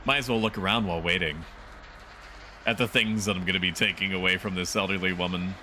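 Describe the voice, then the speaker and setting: A man chats loosely over a live game stream, joking and laughing as he goes. His voice is bright and forceful, and a faint hiss of noise sits underneath. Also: deep voice, steady tone, fast.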